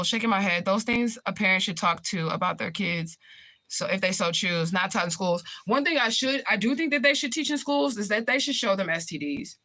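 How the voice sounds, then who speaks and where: Woman, livestream host, casual chat, blunt and profane, bright sharp voice. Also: medium pitch, expressive, fairly quick. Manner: blunt and profane, reads viewer comments aloud.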